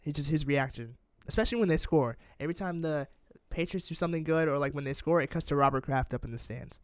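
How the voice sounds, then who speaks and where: Fast-talking young man in casual chat. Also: on the high side, dry recording. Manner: rapid, animated, trailing off mid-sentence. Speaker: podcast co-host.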